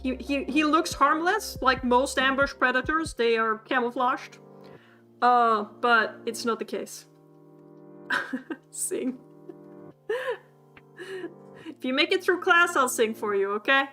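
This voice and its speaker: Woman, playful livestream lesson, giggly, sharp bright tone, high pitch. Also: slow, long pauses, faint music behind. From Sweden. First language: Swedish. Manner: giggly, laughs often, playful and chatty with chat. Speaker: streamer teaching a language class.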